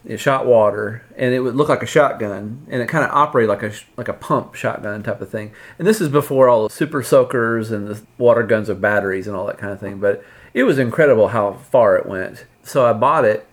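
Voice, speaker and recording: A man telling a comic anecdote in a casual podcast style. His voice sits at an ordinary middle pitch. He pokes fun at himself as he goes. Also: a little fast. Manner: humorous, self-deprecating. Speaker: storyteller on a podcast. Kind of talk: casual storytelling.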